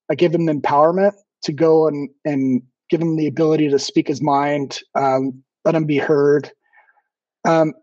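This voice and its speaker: A man with a slightly raised voice tells stories as a podcast guest, pausing often on ums and restarting his sentences. The recording sounds dull and lo-fi, with a dry, close sound and no room echo. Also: on the high side, mellow. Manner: halting, frequent ums and restarts. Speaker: podcast guest, former missionary. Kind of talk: casual interview storytelling.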